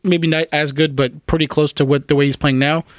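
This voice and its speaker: 40-something guy weighing in on baseball, careful, bit high voice, dry sound. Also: flat delivery, no echo. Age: 40s. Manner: measured, hedging, stammers on restarts. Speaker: podcast co-host. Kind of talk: casual sports chat.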